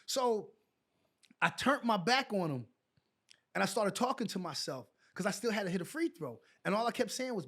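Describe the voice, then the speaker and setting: A middle-aged man from New York, a podcast guest and former pro basketball player, telling colloquial stories with animated dialogue. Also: high-pitched, normal speed. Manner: colloquial, animated storyteller who acts out dialogue. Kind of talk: casual storytelling interview.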